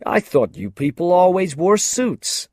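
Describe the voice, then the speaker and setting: Male reader playing a careless star actor, loud and breezy, slow delivery. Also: high-pitched, big pitch swings, no echo, studio quality, voice pushed up, heavily acted. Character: confident, careless famous male film star.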